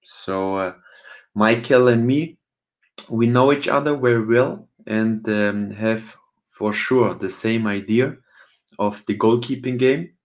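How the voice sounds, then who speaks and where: Casting: young male coach, slow halting webinar delivery, slightly dull lo-fi sound. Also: on the low side. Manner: hesitant, many ums and uhs, non-native phrasing. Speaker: goalkeeping coach presenting software. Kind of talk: webinar screen-share walkthrough.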